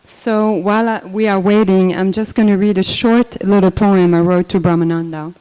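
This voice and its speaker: An older woman speaks at a memorial in a warm, mellow voice, taking her time and filling gaps with ums and restarts. Her voice rings with a long reverb in a temple hall. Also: medium pitch, steady tone, clean tone. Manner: unhurried, conversational, many fillers and restarts. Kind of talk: personal memorial talk.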